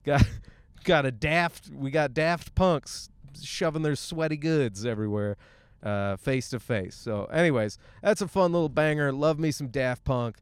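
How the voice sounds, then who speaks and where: A young man hosting a solo podcast, ranting in a profane, animated way and laughing through his stories. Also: on the high side, unhurried, smooth, no room sound. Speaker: podcast host.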